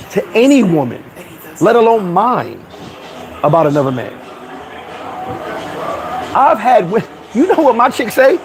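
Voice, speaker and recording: A man vlogging in a casual rant to camera, brash and profane, boasting and laughing often. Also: high voice. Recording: noisy outdoor street recording.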